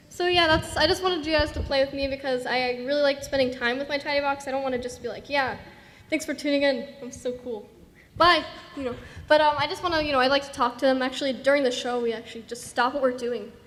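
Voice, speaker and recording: A woman's voice: sits high, slight background noise. A young woman hosting a convention panel, chatty and rambling, laughing often. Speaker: panel host. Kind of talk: live convention panel talk. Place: large convention hall. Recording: hall reverb.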